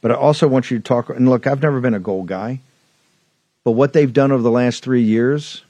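A man's voice: mid-range voice, fairly quick, warm tone, dry recording. Male talk host, fiery and emphatic, hammering points home, dry studio mic. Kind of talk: political talk show commentary.

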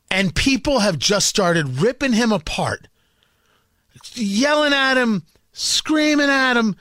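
A man's voice: very high voice, big pitch swings, a little slow, sharp tone, no room sound, clean studio sound. A male talk radio host delivering a combative, ranting opinion monologue, often stumbling and repeating words.

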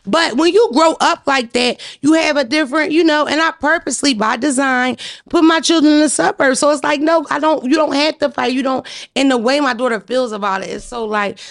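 A middle-aged woman with a Philadelphia accent, telling stories in an animated, profane way as host of a casual chat. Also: high voice, brisk. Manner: animated, profane, acts out voices. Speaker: podcast host.

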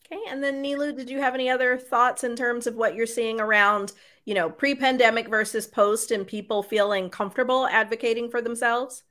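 A woman's voice: fairly high pitch, steady tone, a little fast, a bit bright. A woman hosting a podcast roundtable, guiding the discussion with organized questions. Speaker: podcast host. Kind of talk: moderating a roundtable.

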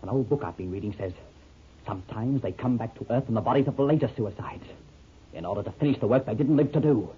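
A guilt-haunted, superstitious man, acted by a man in a vintage radio thriller, speaking in a nervous, overwrought rush. His voice sits at an ordinary pitch, muffled by dull lo-fi sound with a faint hiss underneath. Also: quick pace, lightly acted. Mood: fearful, brooding. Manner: nervous, overwrought, prone to panic. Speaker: radio drama actor. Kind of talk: 1930s radio acting.

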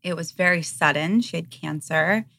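A woman's voice: fairly low pitch, moderate pace, gravelly, bright, forceful tone, no room sound. A woman in her thirties, a podcast guest, speaking frankly and earnestly in a candid interview.

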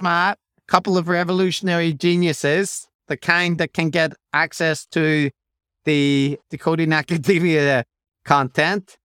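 A man's voice: fairly high pitch, a bit bright, clean tone, dry recording, clean studio sound. A man co-hosting a podcast in casual chat, reading out listener reviews with wry, joking asides. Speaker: podcast co-host.

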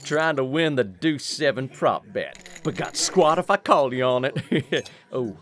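A man's voice: mid-range voice, animated, a little slow, a bit bright. An actor playing a brash, crude male gambler who blusters and picks fights. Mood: blustering. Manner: blustering, belligerent.

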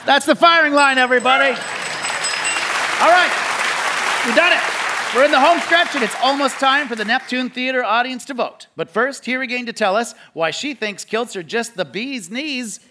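Brief: high, bright male host with quick jokey asides, live theatre crowd audible. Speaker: quiz host. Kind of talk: live comedy quiz hosting. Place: theatre stage. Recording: live theatre audience, light noise. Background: audience laughing and clapping.

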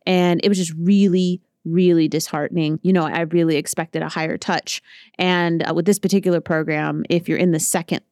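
Chatty woman with a lowish voice. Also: brisk, no room sound, studio quality. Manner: chatty, animated storytelling with acted-out quotes. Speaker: podcast host. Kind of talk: casual solo podcast talk.

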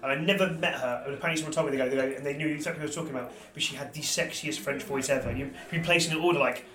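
An English man co-hosting a casual wine chat, animated and quick to jump in over others. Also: mid-range voice. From England. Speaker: podcast co-host. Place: members club room. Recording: echoey room.

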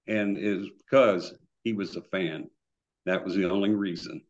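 A fairly low-pitched man spins casual anecdotes, acting out the voices of the people in them. His audio is dull and lo-fi, as if from a remote call. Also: unhurried. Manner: animated anecdotes with acted-out quotes. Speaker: guitar builder guest. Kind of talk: casual storytelling.

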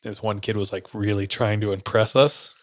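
A man's voice: fairly low pitch, steady tone, moderate pace, no echo, clean studio sound. A young man, a podcast co-host, telling a story in casual chat and acting out the lines of the people in it. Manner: loose, laughing, acts out quotes.

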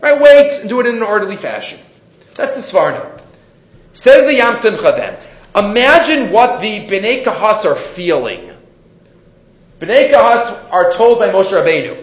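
A man gives a weekly Torah class, bright and animated as he acts out voices from the text. His voice sits high, with lively swings of pitch. The recording is dull and lo-fi, in an echoey room. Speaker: Torah teacher.

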